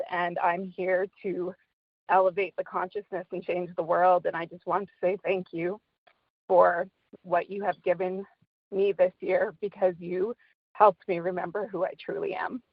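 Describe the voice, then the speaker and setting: A woman caller speaks in a slightly low voice and thanks the hosts earnestly. Her audio comes through a dull, dry remote line. She sounds grateful and sincere. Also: level tone, normal speed, no echo. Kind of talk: heartfelt call-in testimony. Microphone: remote call audio.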